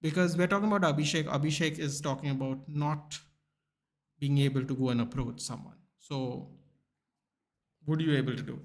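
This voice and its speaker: A man's voice: fairly high pitch, fairly quick, pauses often. A young man, talking bluntly and swearing often as he chats with viewers on a live stream. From India. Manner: blunt and animated, swears often, calls people dude. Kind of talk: casual live-stream chat.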